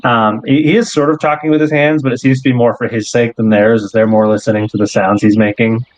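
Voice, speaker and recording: A man's voice: medium pitch, little pitch movement, fast talker, no echo, poor audio. A man narrating a tabletop game as game master, loose and hesitant with many fillers.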